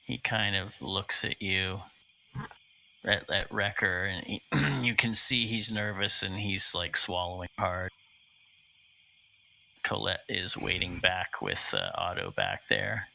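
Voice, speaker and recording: Slow, gravelly, bright-voiced male game master. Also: sits low, a little hiss or hum, low-quality recording. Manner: halting, with frequent fillers and restarts. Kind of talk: narrating and explaining rules of a tabletop game.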